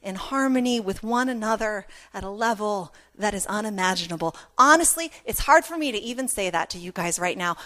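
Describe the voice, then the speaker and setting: A woman's voice: high-pitched, sharp tone. A woman pastor preaching a sermon in a conversational, self-deprecating way, with emphatic repetition.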